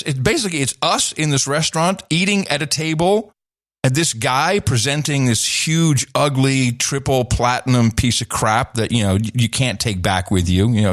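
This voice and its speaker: A middle-aged man co-hosting a podcast, telling stories in lively casual chat with many restarts. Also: mid-range voice, no room sound, studio quality. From Netherlands. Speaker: podcast co-host.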